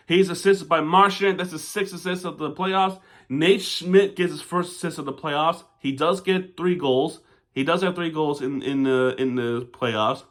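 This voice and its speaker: A devoted hockey fan recaps a game in a fairly high, fairly bright voice, saying "we" and "our" about his team. He talks casually through the plays, then breaks into angry, profane rants at the referees.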